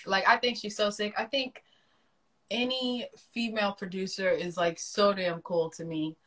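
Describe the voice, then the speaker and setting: A woman's voice: medium pitch, steady tone, moderate pace, a bit bright. A woman co-hosting a casual livestream chat, gushing enthusiastically and talking straight to her viewers on a phone mic. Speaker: livestream co-host.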